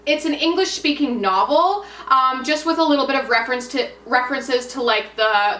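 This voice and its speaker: Young woman, high and bright, chatty book vlogger, echoey room mic at a distance. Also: slight background noise. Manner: chatty, lots of filler "like". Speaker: book reviewer. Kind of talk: casual book review vlog.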